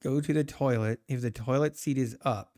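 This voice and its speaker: A man's voice: mid-range voice, normal speed, mellow. Chuckling man live-streaming his trading. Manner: rambling, laughs often, answers chat. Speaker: live-streaming day trader. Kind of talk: casual live-stream chat.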